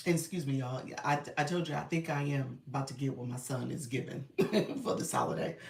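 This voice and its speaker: A middle-aged woman hosting a casual live stream, congested and clearing her throat, chatting and laughing with her viewers. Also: low-pitched, roomy sound, far from the mic. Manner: chatty, laughs often, addresses viewers as y'all. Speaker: live stream host and creator coach.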